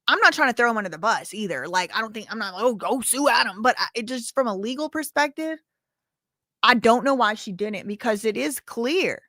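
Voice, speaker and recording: A woman's voice: fairly high pitch, expressive, brisk, bright, forceful tone, no echo, clean studio sound. A woman hosting a livestream, answering chat questions in a sassy, blunt, casual way. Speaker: livestream host.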